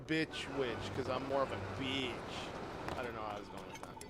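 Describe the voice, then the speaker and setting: A young man streaming a game, chatting casually and rambling as he answers his viewers, with sudden loud outbursts. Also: mid-range voice, fairly quick. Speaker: livestreamer playing a game. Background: game music.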